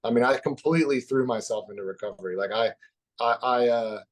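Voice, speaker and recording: A man as a podcast guest, telling a personal story in an open, reflective way that drops soft at the heavy parts. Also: mid-range voice, brisk. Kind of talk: candid conversational storytelling.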